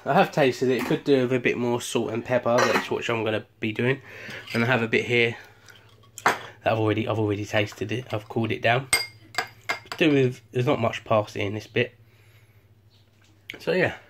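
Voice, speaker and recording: A man's voice: medium pitch, steady tone, moderate pace, a bit bright, slight background noise. A man chatting casually through a home cooking vlog, with lots of ums and restarts. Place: home kitchen.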